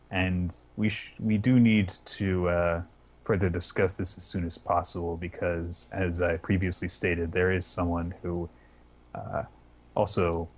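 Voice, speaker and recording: Low-voiced hesitant man at a game table. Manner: hesitant, filler-heavy. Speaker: player.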